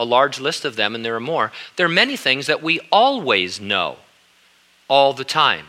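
An older pastor preaches in an earnest, conversational way, often restarting his sentences. His voice is strikingly bright and forward, and its pitch sits in an ordinary middle range. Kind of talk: sermon.

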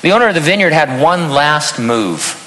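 A man's voice: a little high, lively intonation, normal speed, bright, forceful tone, reverberant, big-room sound, poor audio. An older man preaching a sermon as pastor, earnest with touches of self-deprecating humor.

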